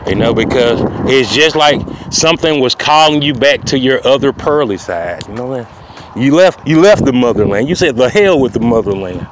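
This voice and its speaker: Outdoors amid loud street noise, a man talks to camera in a long, rambling, repetitive monologue, circling back to the same phrases and asking "you know what I mean." His voice is mid-range and lively, at normal speed.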